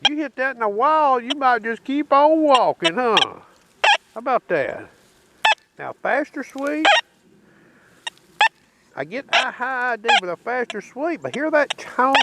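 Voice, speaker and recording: Folksy high-voiced Southern man outdoors. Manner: folksy, addresses viewers as boys, keeps asking okay. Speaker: metal detecting channel host. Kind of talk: casual demonstration talk. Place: outdoors at a dig site. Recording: loud outdoor background noise. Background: detector tones and noise.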